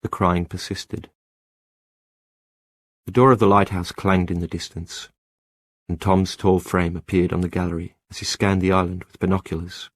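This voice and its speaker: A man with a very low voice reads an audiobook in a measured, lyrical way. The recording is dry and close, with no room sound. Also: flat delivery, no echo. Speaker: audiobook narrator. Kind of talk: scripted audiobook narration.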